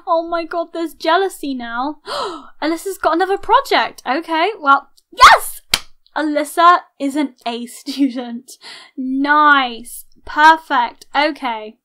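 A young woman giving chatty let's-play commentary, reacting loudly to her game with gasps and laughs. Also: high-pitched, slow. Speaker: gaming YouTuber.

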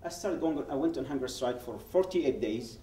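Warm and mid-range, the man's voice has lively intonation and moves at a normal speed, with a little hiss or hum audible. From Yemen, he is a guest speaker at a public event, relating personal testimony as a story while acting out quoted dialogue and often restarting what he says. He's picked up from far off in a roomy event hall.

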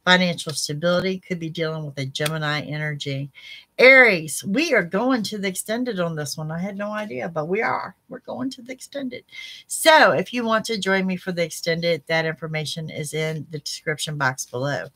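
A woman reading tarot cards for her viewers in an animated, chatty way, talking straight to them. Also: fairly low pitch, normal speed. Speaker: psychic tarot reader.

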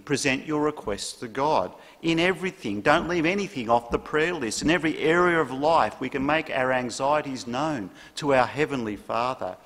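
Earnest male preacher, mid-pitched, measured delivery, reverberant church. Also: animated, fairly bright tone. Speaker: pastor. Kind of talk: sermon.

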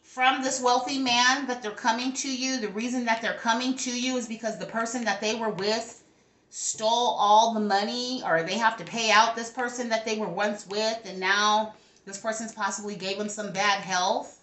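Brash, bright-voiced woman tarot reader. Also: a little high, fairly even intonation, normal speed, echoey room. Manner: brash, profane, talks back to her spirits. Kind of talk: casual tarot reading to camera.

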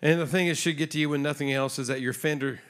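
A man's voice: on the high side, fairly even intonation, rapid-fire. A man preaching a sermon in a conversational way, telling a story and acting out the voices in it. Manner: conversational, acts out dialogue in his stories. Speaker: guest preacher. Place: church stage before a congregation.

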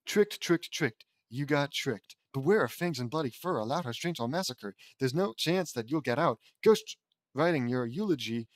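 A man's voice: medium pitch, animated, normal speed, no echo, close to an everyday voice. A man reading as a rocker girl's spooky song. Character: teenage rocker girl singing a spooky song.

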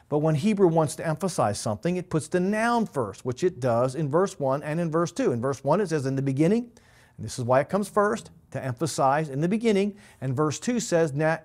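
A male pastor giving a methodical Bible lesson, explaining grammar step by step and stressing key words. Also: a little high. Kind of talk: Bible teaching.

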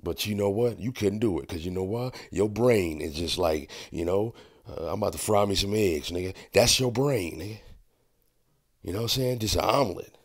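A man's voice: lowish voice, expressive, normal speed. A man hosting a casual commentary vlog, rambling, profane and chiding, with frequent laughs. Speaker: host.

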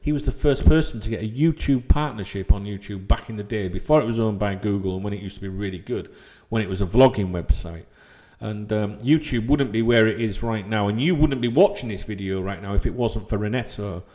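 A man's voice: on the low side, fairly quick, mellow. A middle-aged man, ranting bluntly and swearing freely about football in a vlog to his subscribers. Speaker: football channel vlogger. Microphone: desk microphone.

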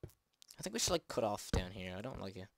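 A man's voice: fairly low pitch, sing-song, fairly quick, gravelly, no echo. A man hosting a let's play, chatting and joking at himself with jumpy exclamations. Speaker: gaming channel host. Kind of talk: let's play game commentary.

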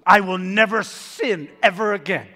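A pastor playing a panicked young man who clings to a cliff branch and shouts and begs for rescue. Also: extremely high pitch, lively intonation, moderate pace, big-room sound. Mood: pleading. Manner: frantic yelling and begging.

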